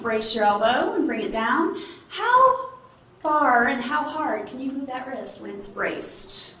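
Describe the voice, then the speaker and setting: A woman's voice: sits high, pushed and bright, slight background noise. A woman giving a motivational keynote, telling her story theatrically and tossing playful asides to the audience. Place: large hall with audience. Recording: echoey hall, faint ambience.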